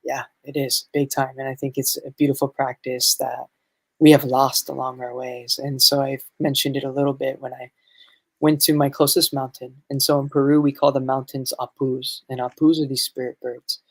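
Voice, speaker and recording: A man's voice: mid-range voice, level tone, moderate pace. A man guest on a podcast, a medicine facilitator telling a spiritual story in an earnest, reflective way, full of "you know" fillers.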